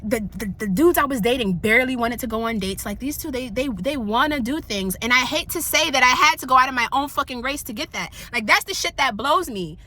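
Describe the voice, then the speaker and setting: A young woman vlogging in candid casual chat, animated and slangy, often laughing. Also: high-pitched, a little fast, few pauses.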